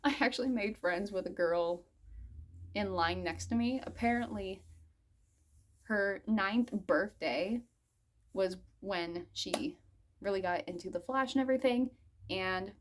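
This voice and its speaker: Giggly, excitable woman in her mid-twenties. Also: medium pitch. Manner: excitable and giggly, laughs often while recounting; fangirling, rambling with many "I'm like" asides. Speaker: vlogger. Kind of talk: casual storytelling vlog.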